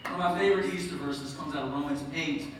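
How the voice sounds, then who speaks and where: A man preaching an Easter sermon in church, emphatic and swinging between soaring calls and hushed asides. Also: fairly high pitch, quick pace, slight background noise. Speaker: pastor. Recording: echoey hall from far off.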